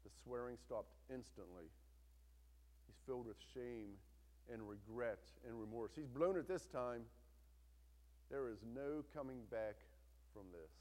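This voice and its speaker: A man preaching a sermon, swinging between loud, intense retelling and hushed, quiet emphasis. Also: mid-range voice, a little slow, long pauses. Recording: long hall reverb.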